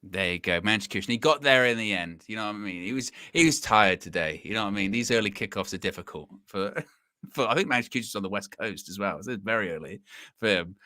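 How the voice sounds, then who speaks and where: A man hosts a live football call-in show, chatty and quick to laugh. His voice is bright and forward, recorded close and dry. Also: lowish voice, lively intonation, no echo. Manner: chatty, laughing, reads super chats aloud. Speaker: host.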